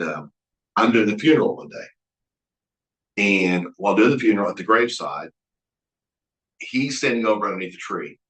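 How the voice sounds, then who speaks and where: A deep-voiced, middle-aged guest speaker from Oklahoma gives a sermon-like leadership lecture at a Bible college, his low voice fairly bright in tone. Folksy and earnest, he tells stories, stumbling into restarts while acting out old conversations, and his voice carries around an echoey room.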